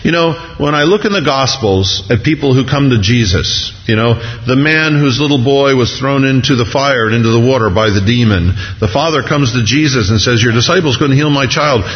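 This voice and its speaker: A man's voice: normal speed, few pauses. A man preaching a sermon, reading scripture aloud and then explaining it, acting out the voices of the people in the story. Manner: reads scripture then expounds, acting out voices with rising pitch. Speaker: pastor. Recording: dull, lo-fi sound with long hall reverb.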